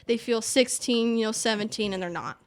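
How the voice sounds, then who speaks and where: A woman's voice: fairly high pitch, brisk. A young woman guest in a casual chat, talking hesitantly with many fillers.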